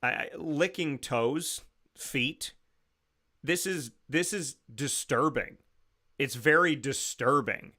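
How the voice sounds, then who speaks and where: A man's voice: fairly high pitch, slow pace, pushed and bright. A man hosting a radio show, delivering a rambling, sarcastic and incredulous monologue full of restarts.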